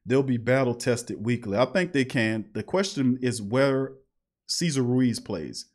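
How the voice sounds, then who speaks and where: A man's voice: mid-range voice, measured pace. Heated New sports-talk man. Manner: heated, emphatic, repeats points. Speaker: sports talk show host. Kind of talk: live call-in sports talk.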